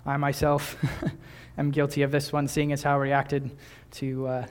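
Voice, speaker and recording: Young male preacher, mid-pitched, relaxed and conversational, chuckling now and then. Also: unhurried, clean tone. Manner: conversational, with small laughs and restarts. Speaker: pastor. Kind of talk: sermon.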